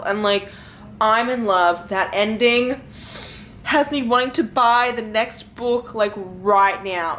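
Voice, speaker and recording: A woman's voice: medium pitch, fairly bright tone, a little hiss or hum. Gushing young woman book vlogger. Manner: gushing, effusive, many fillers. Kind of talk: casual reading vlog chat.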